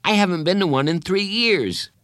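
A man voicing an anxious, excitable young boy in an audiobook, urgent and frantic. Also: fairly high pitch, moderate pace, no echo, studio quality, voice pushed up.

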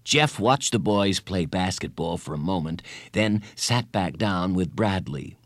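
Brief: male storyteller for an audiobook, lively and varied delivery, dry close sound. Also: sits low, measured pace, no echo. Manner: expressive storyteller. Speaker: narrator. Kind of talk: audiobook narration.

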